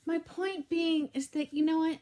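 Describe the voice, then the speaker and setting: In a casual, heartfelt vlog, a middle-aged woman from Southern California rambles to camera, often trailing off and picking back up. Her very high voice holds a steady tone at normal speed and has a dark quality.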